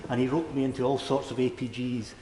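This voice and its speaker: A man's voice: mid-range voice, level tone, fast talker, dark tone. A man, a member of parliament, giving an earnest, personal tribute speech in a parliamentary chamber. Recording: echoey hall with faint background hum.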